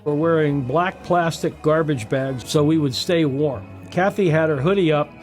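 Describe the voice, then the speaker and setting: A man's voice: on the high side, moderate pace, darkish tone, faint music behind. A man in an archival interview clip, recalling events in a matter-of-fact way.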